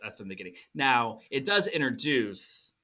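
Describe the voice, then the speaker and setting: Bright-voiced chatty male podcast host. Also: mid-range voice, very animated, moderate pace. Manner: chatty, laughing, rambling with restarts. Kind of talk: casual chat.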